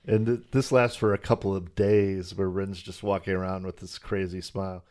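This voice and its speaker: A man co-hosting a podcast, recapping cartoon episodes in casual chat with wry, deadpan jokes. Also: deep voice, moderate pace. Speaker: podcast co-host.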